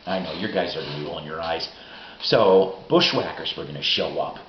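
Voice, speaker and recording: A middle-aged man telling rambling, profane, excitable stories in a casual vlog monologue. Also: deep voice, fairly quick, background noise. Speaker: vlogger. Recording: roomy, dull lo-fi recording.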